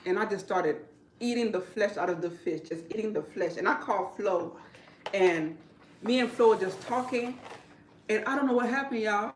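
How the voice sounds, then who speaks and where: A woman who works as a hairdresser, telling a story in casual talk, animated and repetitive, often breaking into laughter. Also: medium pitch, a little hiss or hum. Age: adult. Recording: roomy, from a distance.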